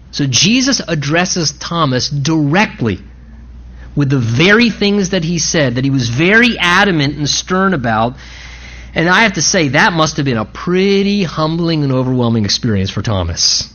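A pastor delivers a sermon in a relaxed, conversational way. The voice rises and falls in a very lively way, and key phrases come back again and again for emphasis. The recording is muffled and lo-fi. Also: medium pitch, normal speed. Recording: dull lo-fi recording.

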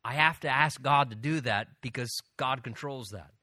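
A man's voice: medium pitch, normal speed, bright, forceful tone, dry recording, studio quality. A man preaching a sermon in an earnest, conversational way, building to emphatic peaks.

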